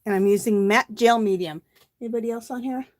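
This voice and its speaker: Woman, middle-aged, slightly high voice, breathless, casual livestream chatter, friendly greetings. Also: a little fast, a little hiss or hum. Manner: chatty, greets viewers by name with lifted voice. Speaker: craft livestream host. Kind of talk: casual live-stream chat while crafting. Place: home craft room.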